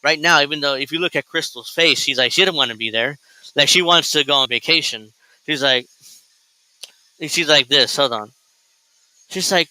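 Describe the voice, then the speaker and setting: Bright-voiced sarcastic male host. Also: on the high side, normal speed, pauses often, low-quality recording. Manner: sarcastic, crude, rambling. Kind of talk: political reaction commentary.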